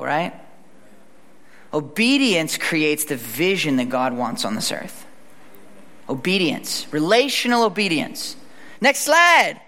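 A man preaching a sermon in a conversational, animated way, acting out the lines he quotes. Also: a little high, measured pace. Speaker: pastor. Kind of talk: sermon with storytelling. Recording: reverberant hall.

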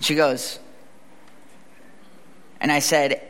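A man preaching a sermon in a conversational, animated way, acting out the lines he quotes. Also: a little high, normal speed. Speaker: pastor. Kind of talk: sermon with storytelling. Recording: reverberant hall.

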